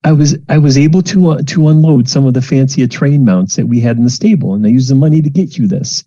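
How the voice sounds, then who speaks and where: A man's voice: medium pitch, fast, warm tone, no room sound, pitched above the performer's own voice, lightly acted. A man voicing a doting, emotional middle-aged mother who stammers and clings. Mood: tearful. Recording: muffled lo-fi home recording.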